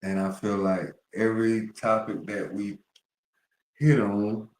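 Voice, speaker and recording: A man's voice: lowish voice, flat delivery, takes it slowly, roomy sound. A man streaming live, talking casually to his viewers, rambling and profane with heavy slang.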